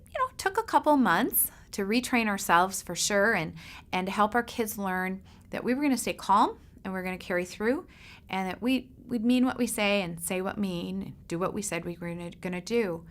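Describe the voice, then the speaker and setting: A middle-aged woman, a parent coach, telling a lively personal story to parents and acting out the voices in it. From Seattle area, United States. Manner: animated storyteller, acts out quoted voices with big pitch jumps.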